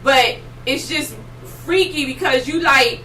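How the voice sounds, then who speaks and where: A woman podcast host excitedly telling a rambling story, full of fillers. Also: sits high, slow pace. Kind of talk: casual storytelling chat. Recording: roomy echo, distant mic, faint noise.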